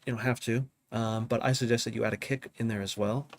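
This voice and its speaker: A man's voice: mid-range voice, fast talker, loud music behind the voice. Laid-back male producer, talky tutorial delivery, mid-range voice, home studio. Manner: relaxed, thinking aloud, often asks "you know what I mean?". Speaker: music producer teaching drum programming. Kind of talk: casual live tutorial.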